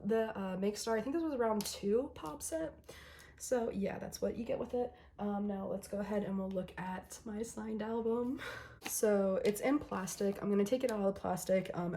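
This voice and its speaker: A young woman chatting casually through an unboxing, gushing and excitable, and losing her voice. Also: medium pitch, slight background noise. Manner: gushing, excitable, lots of ums and laughs. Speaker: vlogger.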